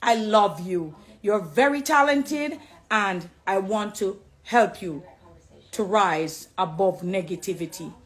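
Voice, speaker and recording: Her medium-pitched voice moves slowly as this middle-aged Jamaican woman, a dancehall artist who turned Christian, talks straight to her viewers on a live video. She's affectionate and preachy, slipping between English and patois.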